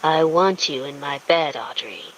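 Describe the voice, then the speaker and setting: A woman narrator voicing a confident male billionaire playboy who speaks low and flatly. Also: unhurried, slight background noise, rough recording. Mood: seductive. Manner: low murmuring, flat and teasing.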